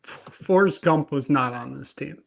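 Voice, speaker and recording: A man's voice: on the high side, normal speed, gravelly. A young man hosting a casual sports betting show, chatty and tripping over his words. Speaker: host.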